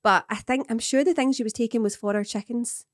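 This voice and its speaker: A woman with a Glaswegian accent, co-hosting a podcast and telling a story in casual chat, animated and quick. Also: on the high side, dry recording, studio quality. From Scotland. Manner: animated storyteller, quick bursts, acts out voices. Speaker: podcast co-host.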